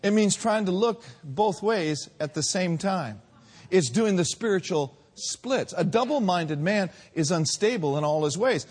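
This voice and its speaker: A man preaching a sermon, swinging between loud drawn-out peaks and quiet low lines. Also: lively intonation, breathy edge.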